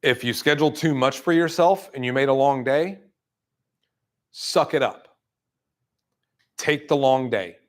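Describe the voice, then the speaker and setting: A man giving a motivational sales talk to a room, blunt and fired up, acting out people's excuses in quick asides. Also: medium pitch. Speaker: roofing sales trainer. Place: room with an audience.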